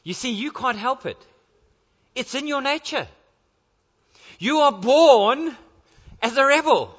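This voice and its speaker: Earnest, high-voiced preaching man. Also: lively intonation, slow, fairly bright tone, slightly rough. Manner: earnest, with repeated rhetorical questions. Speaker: pastor. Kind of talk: sermon. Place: church. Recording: dull lo-fi sound with long church reverb.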